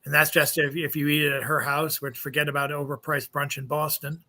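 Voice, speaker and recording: A man with a bright, forceful voice, pitched a little higher than most men. He co-hosts a casual podcast, joking and rambling, often restarting his sentences. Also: level tone, fairly quick. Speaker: podcast co-host. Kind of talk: casual chat.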